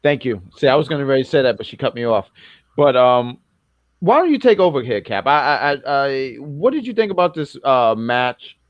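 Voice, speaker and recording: A man's voice: medium pitch, very animated, moderate pace, dry recording, dull audio. A man from New York co-hosting a casual wrestling review podcast, rambling and self-correcting as he jokes around.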